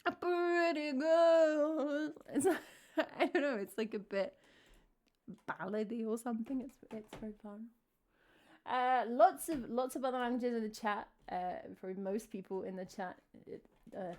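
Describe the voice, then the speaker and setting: A woman's voice: medium pitch, steady tone, moderate pace, a little mellow. A young woman, chatting casually with her live stream's chat, giggly and trailing off as she talks. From England. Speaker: streamer and singer-songwriter.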